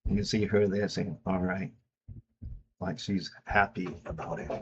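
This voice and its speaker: Man, casual comic recap, rambling, low pitch, husky, muffled lo-fi recording. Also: steady tone, moderate pace, a bit bright. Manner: rambling, loose retelling with many "and he goes".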